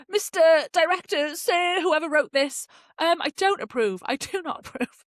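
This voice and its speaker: A woman hosts a podcast, reviewing things in a casual, expressive chat full of slang and swearing. Her mid-range voice has a fairly bright tone, and the studio sound is clean with no echo.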